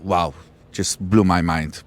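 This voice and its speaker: Thoughtful Maltese man, low voice. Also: steady tone, slow, noisy background. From Malta. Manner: thoughtful, storytelling, fond. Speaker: interviewee. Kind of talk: reflective street interview answers.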